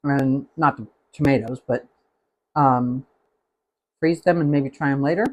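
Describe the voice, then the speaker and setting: A man's voice: medium pitch, fairly even intonation, measured pace. Chatty man hosting a cooking stream. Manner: chatty and rambling, tasting food as he talks. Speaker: cooking show host. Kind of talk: casual live-stream cooking chat.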